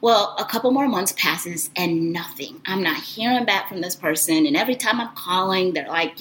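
A woman telling a personal story in an animated, expressive, conversational way. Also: on the low side, moderate pace, few pauses, a little hiss or hum, poor audio.

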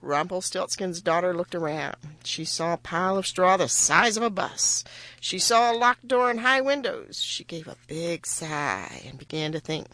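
Animated woman reading a fairy tale aloud. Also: fairly low pitch, moderate pace, no echo. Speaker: storyteller. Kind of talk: reading a children's story aloud.

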